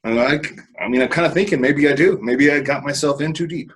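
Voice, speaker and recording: A man's voice: a little high, quick pace, a bit bright, breathy edge, poor audio. A man being interviewed, telling a personal story candidly, rambling with many restarts and some casual swearing. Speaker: interview guest.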